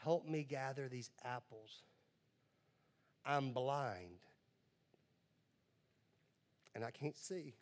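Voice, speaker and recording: A man putting on a soft, tearful blind girl. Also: mid-range voice, takes it slowly, close to an everyday voice. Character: tearful blind fourteen-year-old girl, earnest.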